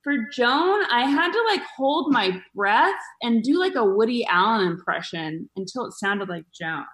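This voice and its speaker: A woman's voice: on the high side, animated, normal speed, a bit bright. Woman comedian guest, casual and rambling, fillers galore, echoey room. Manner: chatty, lots of fillers and restarts. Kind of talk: casual podcast chat.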